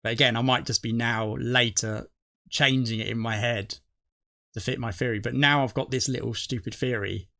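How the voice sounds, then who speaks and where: A man's voice: medium pitch, steady tone, normal speed, creaky, sharp tone. A middle-aged man, rambling through his theories on a reaction video and correcting himself as he goes. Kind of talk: casual rambling commentary.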